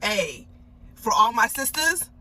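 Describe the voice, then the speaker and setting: A young adult woman sitting in a parked car, telling a personal story in a casual, animated and emphatic way, swearing freely. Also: a little high, slow.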